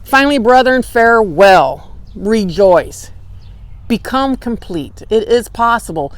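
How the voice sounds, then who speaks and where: A woman teaching a Bible study, lively and conversational, acting out quotes with emphatic bursts. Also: a little high, slow pace. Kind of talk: lecture. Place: church meeting room.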